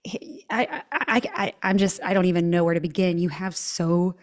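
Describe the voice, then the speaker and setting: A woman's voice: lowish voice, moderate pace. A woman with a Southern US twang, hosting a casual interview in a bubbly, gushing way. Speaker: podcast host.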